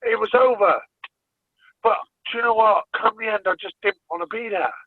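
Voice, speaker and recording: A fairly high-voiced man tells a blunt, sweary story as a podcast guest. The sound is tinny and phone-like, with a dry, close feel and no room around it. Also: moderate pace, no echo. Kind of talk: casual storytelling.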